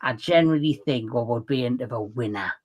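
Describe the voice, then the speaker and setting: A man's voice: mid-range voice, fairly quick, lo-fi sound. A Geordie man hosts a casual live panel, chatty and blunt, telling stories at length in an easy, conversational way. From Newcastle, England. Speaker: livestream host.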